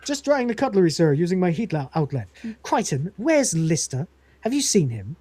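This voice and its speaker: A man's voice: high-pitched, big pitch swings, moderate pace, a crowd in the background. A man voicing a fussy, servile male android butler who calls everyone sir. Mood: dutiful.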